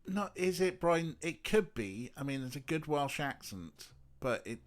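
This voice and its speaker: A man's voice: on the high side, sing-song, measured pace. Rambling man streaming a game. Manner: rambling, filler-heavy musing. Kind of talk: casual let's-play commentary.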